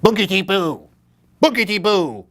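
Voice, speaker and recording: A mischievous storybook skeleton that clacks its bones and is secretly timid, as a man puts it on. It talks loudly and slowly, in a raised voice that swings up and down. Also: high-pitched, expressive, pitched above the performer's own voice, full character voice. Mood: playful. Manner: loud, eager exclamations.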